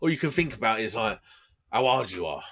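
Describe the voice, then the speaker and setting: A man's voice: fairly low pitch, animated, fairly quick, a bit bright. A man hosting a podcast, telling stories in casual, laddish banter. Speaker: podcast host. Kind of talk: casual storytelling chat.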